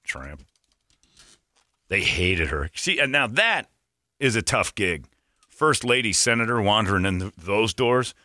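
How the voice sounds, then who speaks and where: A man's voice: fairly low pitch, animated, moderate pace, sharp tone, no room sound, studio quality. A man hosting a morning radio show, joking sarcastically with his co-host and reading sponsor plugs. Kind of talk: casual morning radio banter. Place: radio studio.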